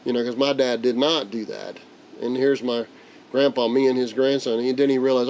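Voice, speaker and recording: A man's voice: mid-range voice, moderate pace, slight background noise. A man, the host of a livestream, casually telling a story and acting out the voices of the people in it. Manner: animated, acts out quoted voices. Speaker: channel host.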